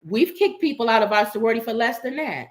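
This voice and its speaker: Animated, opinionated woman chatting. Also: a little high, quick pace. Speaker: family vlog co-host. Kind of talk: casual chat.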